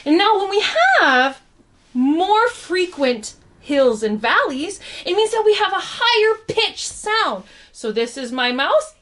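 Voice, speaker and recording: Brief: young woman science educator, playful kids' lesson, high and very animated, unhurried. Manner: playful, encouraging, asks the viewer questions. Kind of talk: online science lesson for children.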